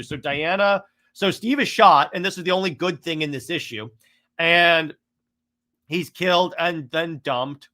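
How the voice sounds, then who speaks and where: A man's voice: on the high side, sharp tone. A man giving a casual, exasperated critique of a comic run, rambling with frequent restarts.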